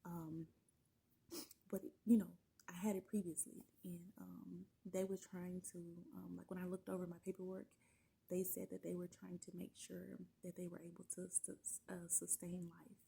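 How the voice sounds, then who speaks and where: A middle-aged woman telling her own story in a casual, halting way, often dropping to a whisper and close to tears. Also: fairly low pitch, flat delivery, mellow, poor audio. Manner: halting, many fillers, often drops to a breathy whisper. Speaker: vlogger sharing her story.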